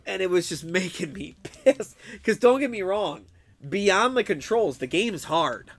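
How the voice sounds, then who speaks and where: A young man streaming, chatting casually with his viewers, excitable, swearing a lot and laughing often. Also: high-pitched, measured pace. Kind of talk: casual live-stream chat about a game.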